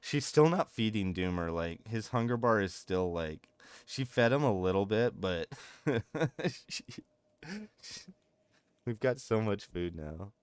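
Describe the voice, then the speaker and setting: A man's voice: on the low side, lively intonation, a little slow, clear, resonant tone, no echo. A man in his thirties chatting casually and laughing often while streaming a game. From United States. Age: 30s. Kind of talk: casual gameplay commentary.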